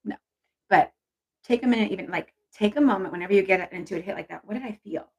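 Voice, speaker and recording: A woman's voice: mid-range voice, fast, darkish tone, breathy edge, rough recording. A woman hosting a casual live stream on intuition, chatty and encouraging as she reads viewer comments aloud.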